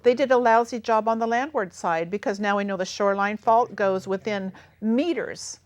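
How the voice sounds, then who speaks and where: A woman's voice: mid-range voice, normal speed. A woman activist guest in an interview, explaining in earnest detail with some hesitations. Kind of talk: casual interview chat.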